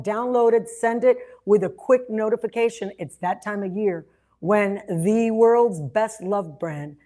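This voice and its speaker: A woman in her sixties carries a webinar on a video call with theatrical gushing. Her voice sits in an ordinary middle pitch. She chats on and on with easy drama. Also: darkish tone. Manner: dramatic and effusive, talks a lot. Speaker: host, cruise sales leader. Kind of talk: webinar chat.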